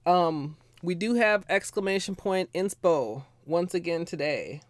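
A woman streaming nail art, chatting casually and ramblingly with viewers while a bit under the weather, clearing her throat now and then. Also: lowish voice, a little slow, no room sound, studio quality. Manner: rambling, chatty, greets viewers, frequent laughs and fillers. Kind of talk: casual livestream chat.

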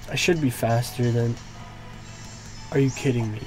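With faint game music underneath, a young male gaming YouTuber comments live on his gameplay, reacting to setbacks with swearing, groans and frustrated outbursts. His gravelly voice is medium in pitch, moving at normal speed with fairly even intonation.

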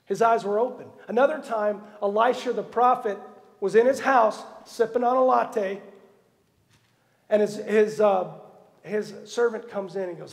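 A pastor delivers his sermon in a lively storytelling way, slipping jokes into Bible stories. His voice sits high for a man and carries a gravelly edge. The sound rings with the long reverb of a church hall. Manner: lively storytelling with asides and humor. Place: church sanctuary.

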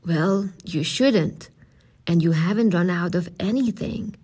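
A woman voicing a patient older librarian who explains things slowly and reassuringly in an audiobook. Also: lowish voice, mellow, slightly rough.

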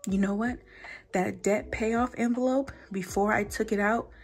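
A young woman talks straight to her viewers, so moved she keeps repeating herself and fighting back tears. Her pitch sits mid-range for a woman. Faint music plays softly behind her. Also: steady tone, moderate pace. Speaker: budgeting vlogger. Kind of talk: casual chat to camera.

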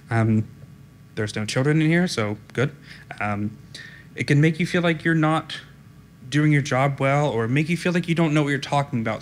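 Flat-toned man giving a conference talk. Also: mid-range voice, slight background noise. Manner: direct, informal, frequent ums. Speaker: conference speaker. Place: conference room.

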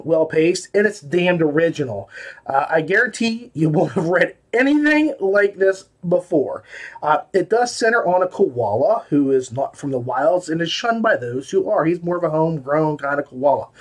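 A man rambles through his audiobook reviews in easygoing, unscripted podcast chatter, doubling back and filling gaps with fillers and restarts. His voice is husky and a little higher than most men's, and he speaks animatedly at a moderate pace in this casual spoken review.

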